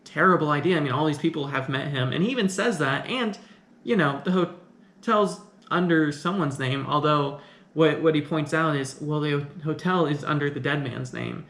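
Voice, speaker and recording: A man's voice: fairly high pitch, moderate pace, fairly bright tone. A man giving a casual film review, thinking aloud and questioning the plot as he goes. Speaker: film commentator. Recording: echoey room.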